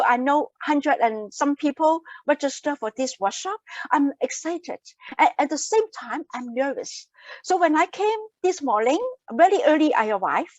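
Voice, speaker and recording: A woman with a high voice presents a wellness workshop over a video call, earnest and explanatory. She restates her key phrases to drive them home. The laptop audio is dull and dry. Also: dry recording. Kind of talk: online wellness workshop talk. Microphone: laptop mic on a video call.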